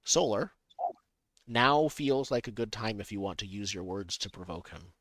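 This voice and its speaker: A man narrates as game master of a tabletop game, feeling his way through scenes with frequent ums and restarts. His voice sits a little low and the sound is dry and close. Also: animated, a bit bright, dry recording. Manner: halting, many ums and restarts.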